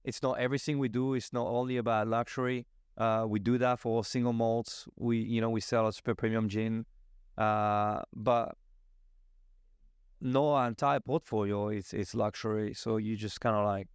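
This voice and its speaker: Man, low and smooth. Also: moderate pace, no echo, studio quality. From South of France. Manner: rambling, restarts often, animated. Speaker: guest, spirits brand advocacy manager. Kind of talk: casual podcast conversation.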